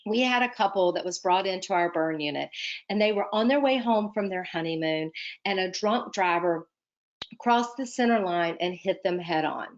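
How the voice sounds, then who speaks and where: A woman's voice: lowish voice, animated, normal speed, lo-fi sound. A woman, an admissions advisor, telling a personal story in an earnest, emphatic way and then giving application advice. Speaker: medical school admissions advisor.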